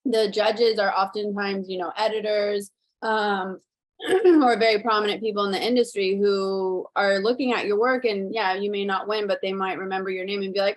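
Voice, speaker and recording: A woman's voice: mid-range voice, little pitch movement, moderate pace. Chatty, playful woman interview host. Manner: chatty and playful, dry sarcasm. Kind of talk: conversational interview talk.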